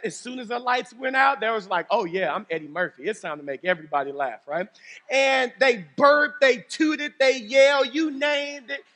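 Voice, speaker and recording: A man preaching a sermon as pastor, telling stories animatedly, swinging between loud exclamations and low serious tones. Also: in a large hall. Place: church sanctuary.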